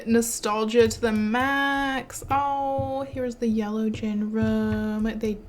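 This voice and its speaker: On her gaming channel, a woman talks excitedly and casually while she plays, laughing a lot. Her voice is a little high and her pace is slow.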